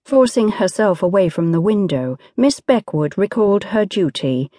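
This is scripted audiobook narration by a woman at medium pitch, delivered with measured expressiveness. It's recorded in studio quality without any echo.

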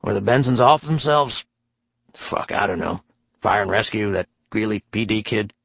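A man doing a gruff, dismissive big cop. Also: on the low side, animated, normal speed, dry recording, highs cut off. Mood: irritated. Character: gruff condescending big male police detective.

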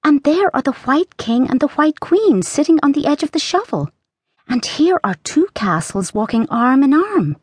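A woman's voice: high voice, very animated, moderate pace, a little mellow, no room sound, voice pushed up. A woman voicing a curious, polite young girl in a storybook, sounding eager and full of wonder.

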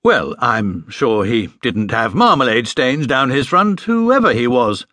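A man's voice: medium pitch, big pitch swings, a little slow, sharp tone, no room sound. A man voicing a good-humoured middle-aged father with a dry, teasing manner. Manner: dry, teasing, a little sheepish.

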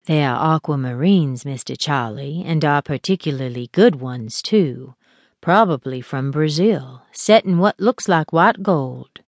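A woman voicing a dignified older woman who speaks quietly and knowledgeably. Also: extremely low pitch, unhurried, no echo, studio quality, voice pushed down, heavily acted. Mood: respectful.

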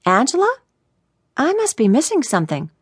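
Give me a brash young hotshot woman, voiced by a female narrator, lively and dry. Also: high-pitched, normal speed, breathy edge, dry recording, pitched above the performer's own voice, full character voice. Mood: confident. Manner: brash, confident. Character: bold, cocky young woman computer whiz.

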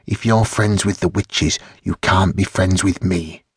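A man voicing a jealous, sullen teenage boy in an audiobook, slow and resentful. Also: low voice, fairly even intonation, breathy edge, no room sound, studio quality, full character voice.

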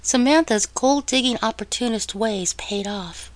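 A woman narrating an audiobook in a measured, even storytelling manner. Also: mid-range voice, low-quality recording.

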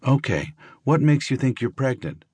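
A brisk, probing woman doctor, as a male narrator puts her on, firing off direct questions in a raised, lighter voice. She sounds clipped and matter-of-fact, with a dry, close sound to the reading. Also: medium pitch, sing-song, a little mellow, slightly rough, dry recording, voice pushed up.

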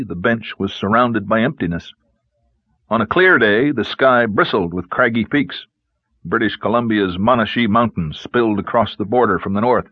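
A male audiobook narrator reads a western in a measured, even manner. His voice is low and a little husky. The recording sounds dull and very dry. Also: no room sound. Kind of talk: scripted narration.

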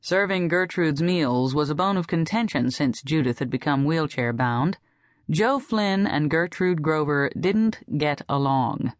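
A woman narrating an audiobook in a steady, even storytelling manner. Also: deep voice, a little slow, no room sound, studio quality. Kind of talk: scripted narration.

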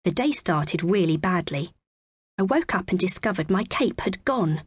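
A woman narrating a children's audiobook in the first person with a clear, expressive, measured reading. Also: fairly low pitch, no echo.

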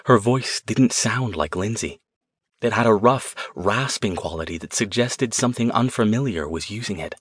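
Low-voiced male audiobook narrator. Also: animated, moderate pace, slightly rough, no echo, clean studio sound. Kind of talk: scripted narration.

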